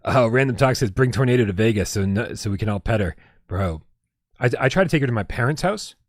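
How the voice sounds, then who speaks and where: Excitable, foul-mouthed man co-hosting. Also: mid-range voice, fast talker, no room sound, clean studio sound. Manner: excitable, swears freely, animated storytelling. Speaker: podcast co-host. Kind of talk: casual livestream chat.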